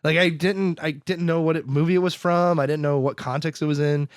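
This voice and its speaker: A man's voice: fairly high pitch, brisk, no echo, studio quality. A man co-hosting a podcast, casually recapping a film, laughing and acting out the characters' lines. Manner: animated, laughs, acts out characters. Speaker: podcast co-host. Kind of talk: casual movie recap chat.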